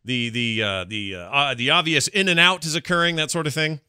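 A man's voice: on the high side, a little fast, pushed and bright, clear, resonant tone, dry recording, clean studio sound. A middle-aged man chatting casually as a podcast co-host, rambling with many restarts. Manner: rambling, restarts, laughs a lot. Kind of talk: casual chat.

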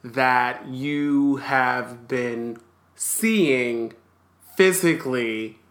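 A man's voice: medium pitch, extremely slow, a bit bright. A man co-hosting a casual podcast chat, candid and joking, laughing often. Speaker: podcast co-host.

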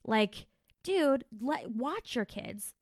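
A woman comedian hosting a casual podcast chat, crude and animated, swearing freely. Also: high-pitched, drawn-out words, no echo, clean studio sound.

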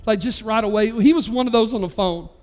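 A man's voice: high voice, quick pace, darkish tone. A man preaching as a pastor, telling a story in an earnest, conversational way with frequent restarts. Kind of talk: storytelling sermon.

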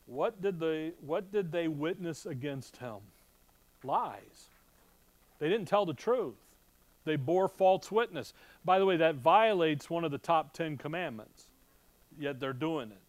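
The man's voice is on the high side, and the recording has no echo. Addressing a roomful of listeners, this Bible teacher gives a relaxed, conversational sermon sprinkled with rhetorical questions and dry asides.

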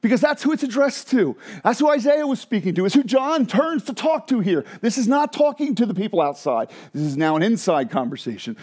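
High-voiced, animated male preacher. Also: a little fast, few pauses. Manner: animated, conversational preaching with laughs and asides; drops low and quiet for emphasis. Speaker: pastor. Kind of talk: sermon.

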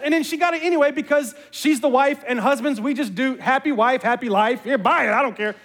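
A man, a pastor, giving a sermon as an animated, self-mocking storyteller. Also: extremely high pitch, a little fast, few pauses. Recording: long reverb of a large hall.

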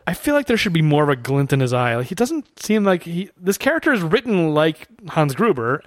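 A man co-hosting a casual movie review podcast, animated and quick to act out quotes in silly voices. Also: on the high side, no room sound, studio quality. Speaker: podcast co-host.

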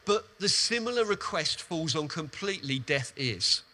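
Guy preaching, high voice, really bright and sharp tone, tells the story with lots of punch and repeats himself. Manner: animated storytelling, quick emphatic repetitions. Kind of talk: sermon.

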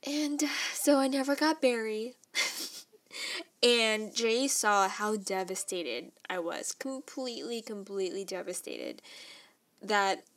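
A young adult woman telling a personal story in a casual, animated way, with lots of "like" and quick laughs. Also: medium pitch. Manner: animated and emotional, heavy use of "like", frequent laughs.

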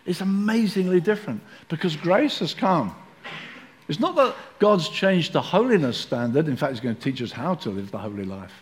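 A man preaching a sermon in a lively way, acting out the voices of people in his story. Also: fairly high pitch, moderate pace, a little hiss or hum.

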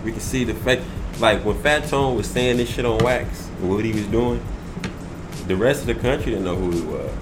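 A man's voice: on the low side, moderate pace. Slangy man in casual banter, music behind. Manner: loose slangy banter, laughs often. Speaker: podcast co-host. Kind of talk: casual chat.

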